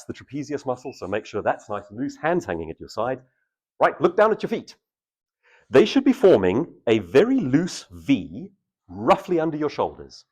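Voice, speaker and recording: Man, husky voice, hugely lively pitch, public speaking coach, live workshop in a room. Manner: animated, shifting between intense and casual delivery. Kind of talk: live workshop talk to an audience.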